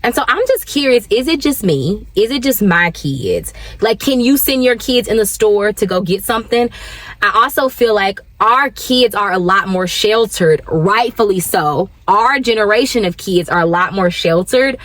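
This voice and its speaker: A woman, chatting casually to camera from her car, animated and talkative with sudden high jumps and laughs. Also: normal speed, no room sound. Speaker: vlogger, working mom.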